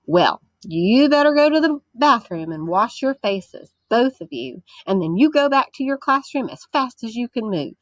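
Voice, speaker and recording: Woman doing a shrill prim old-fashioned secretary. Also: animated, moderate pace, few pauses, no echo, muffled recording. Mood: scolding.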